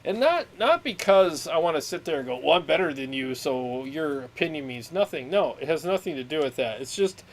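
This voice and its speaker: A man's voice: on the high side, a little hiss or hum. A man co-hosting a casual livestream chat, joking and laughing easily. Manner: joking, animated, quick laughter. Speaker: co-host of a gear livestream.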